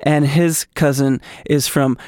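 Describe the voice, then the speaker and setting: A male podcast host chats in an excitable, gushing way and slips jokes in as he reads listener stories. His voice sits a touch high and sounds dry and close to the mic. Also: takes it slowly, no room sound. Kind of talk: casual podcast chat and reading listener stories.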